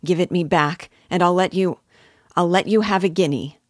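A woman voicing a desperate old male weaver who has been robbed, pleading slowly and gaspingly. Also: low voice, no room sound, clean studio sound.

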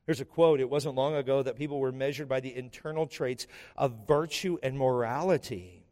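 A man's voice: medium pitch, normal speed, dark tone, big-room sound. A man preaching a sermon as pastor, emphatic and impassioned, firing rhetorical questions at the congregation. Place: church sanctuary.

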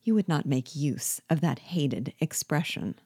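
A woman reading aloud and voicing a quiet, cutting male rebel officer. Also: deep voice, expressive, unhurried, breathy edge, no echo, studio quality, full character voice.

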